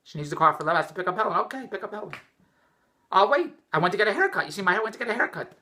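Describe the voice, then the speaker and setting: A man's voice: high voice, expressive, racing, bright, forceful tone. A middle-aged man vlogging indoors, telling a rambling, exasperated story with many restarts. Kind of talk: rambling personal vlog rant. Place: indoors, just came in from the rain.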